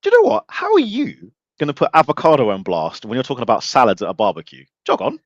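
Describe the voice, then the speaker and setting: A man's voice: medium pitch, huge pitch swings, fast talker, no room sound, dull audio. A man hosting a casual live show, talking bluntly and animatedly and swearing freely. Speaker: podcast host. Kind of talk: casual livestream chat.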